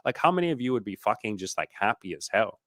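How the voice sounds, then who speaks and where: A man hosting a casual livestream as a dating coach, giving an energetic, profane pep talk. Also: fairly low pitch, quick pace, no room sound, clean studio sound.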